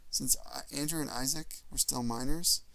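A man reading a memoir aloud as audiobook narration in a measured, earnest way. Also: medium pitch, creaky, pushed and bright, low-quality recording. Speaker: audiobook reader.

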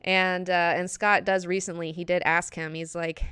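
Excitable, foul-mouthed woman reviewing comics. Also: on the low side, moderate pace, clean tone, no echo. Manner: excitable, gushing, swears freely. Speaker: comic book reviewer, host. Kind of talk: casual video review.

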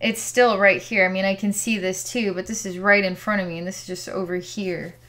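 A woman's voice: medium pitch, steady tone, fairly quick, a bit bright. A woman working as a psychic healer, describing what she sees during a distance healing session in a hesitant, word-searching way with sighs.

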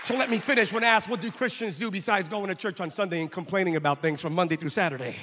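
A male pastor preaching a sermon on a church stage, telling a story and building to shouted exhortation. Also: sits high, fast, some chatter behind. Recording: hall reverb.

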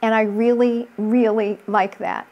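A woman's voice: a little high, fairly even intonation, a little slow, lo-fi sound. A middle-aged woman speaking as a relationship coach in an interview, earnest and telling stories from her practice. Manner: earnest, storytelling with quoted voices. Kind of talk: conversational interview.

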